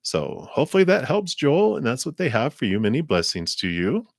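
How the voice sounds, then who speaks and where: A man hosting a live tarot card reading stream, talking in a relaxed, rambling way with many fillers. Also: medium pitch, a little fast, gravelly, dry recording, studio quality. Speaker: tarot card reader, channel host.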